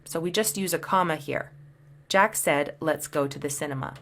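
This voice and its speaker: A woman's voice: low voice, moderate pace, fairly bright tone, a little hiss or hum. A woman teaching English punctuation, patiently explaining each example and reading the sample sentences aloud. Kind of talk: explaining grammar over slides.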